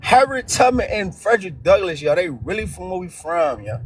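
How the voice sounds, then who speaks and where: A young man trades taunts with friends on a voice chat, his voice high and bouncing all over the place. He sounds brash and cocky and keeps circling back to the same insult. There is a faint hiss behind him. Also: big pitch swings, moderate pace. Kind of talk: trash-talking banter.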